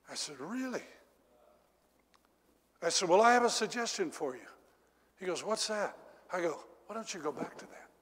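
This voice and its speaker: A middle-aged male preacher telling a story in a sermon, swinging from loud exclamations down to low confiding tones. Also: expressive, moderate pace, pauses often, breathy edge. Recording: echoey hall reverb.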